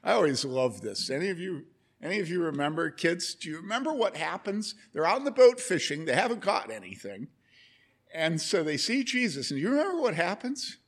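A man's voice: fairly high pitch, sing-song, a little fast. A man preaching a sermon, telling a story with lots of energy and asking the congregation questions. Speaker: pastor.

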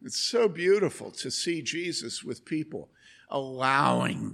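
A man's voice: medium pitch, animated, unhurried, gravelly, a bit bright. A man preaching a sermon, telling a story with lots of energy and asking the congregation questions. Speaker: pastor.

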